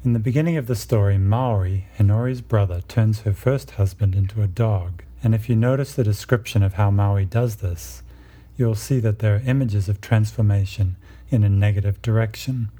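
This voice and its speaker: A man with a husky voice giving a measured, explanatory lecture on myth and psychology. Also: fairly low pitch, mellow.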